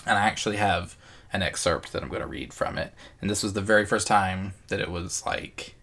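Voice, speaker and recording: A man's voice: low-pitched, a little fast, pushed and bright. Hesitant, profanity-dropping male podcast co-host. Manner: hesitant, lots of fillers and restarts, swears freely. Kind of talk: casual chat.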